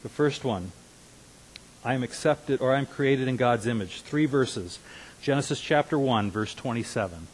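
A man in his fifties preaching a sermon as a pastor, earnest, dropping to hushed asides and rising to emphatic declarations. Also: medium pitch, moderate pace, a little hiss or hum, poor audio. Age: 50s.

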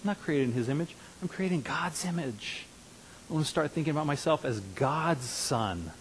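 A man in his fifties preaching a sermon as a pastor, earnest, dropping to hushed asides and rising to emphatic declarations. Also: fairly high pitch, animated, normal speed, slight background noise, low-quality recording. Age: 50s.

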